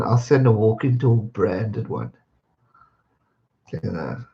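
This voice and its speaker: A man's voice: fairly low pitch, expressive, takes it slowly, warm tone, dull audio. A man hosting a live stream, chatting casually and greeting viewers by name as he reads their comments.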